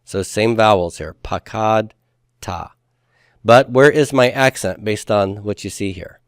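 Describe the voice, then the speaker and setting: A man's voice: on the low side, normal speed, clear, resonant tone, dry recording, clean studio sound. A man teaching a grammar class in a patient, step-by-step way. He has the students repeat forms after him and uses folksy comparisons. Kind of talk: classroom lecture.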